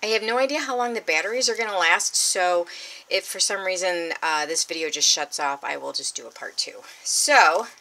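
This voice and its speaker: A woman, unboxing craft supplies on her vlog, gushing with excitement and at times dropping to a breathy whisper. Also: lowish voice, moderate pace. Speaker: crafting vlogger.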